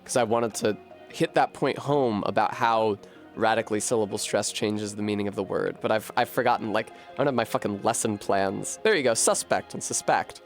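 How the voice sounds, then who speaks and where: A man streaming a video game, chatting casually and thinking aloud to his viewers, swearing freely and getting animated. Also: on the low side, brisk, faint music behind. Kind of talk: casual live-stream chat while gaming.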